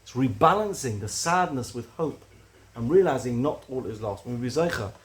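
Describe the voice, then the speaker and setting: A man giving a recorded religious lecture, earnest and building to animated emphasis on key points. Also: mid-range voice, moderate pace. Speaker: Torah teacher.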